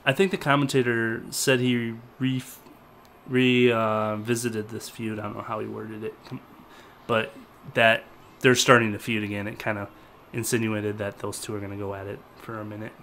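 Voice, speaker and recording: A man's voice: on the low side, flat delivery, moderate pace, a bit bright, slight background noise. Casual man rambling about wrestling. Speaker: co-host. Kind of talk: casual wrestling review chat.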